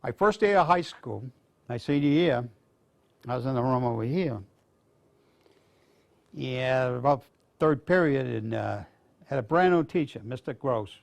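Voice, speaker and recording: A man's voice: mid-range voice, animated, a little slow, gravelly, pauses often. An older man from Maine, a veteran speaking to students, telling folksy stories in a rambling, casual way. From Maine, USA. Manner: rambling, folksy anecdotes with restarts.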